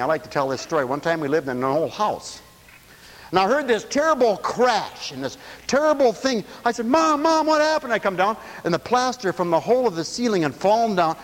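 A man preaching a lively sermon, telling stories and acting out the voices of the people in them. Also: on the high side, long reverb tail, low-quality recording. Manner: animated storyteller, acts out quoted voices, laughs often.

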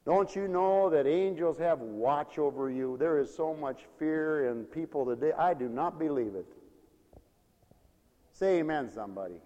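A man's voice: on the high side, a little slow, highs cut off. Fervent preacher man in a reverberant hall. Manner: fervent, swings from loud to hushed storytelling. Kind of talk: sermon.

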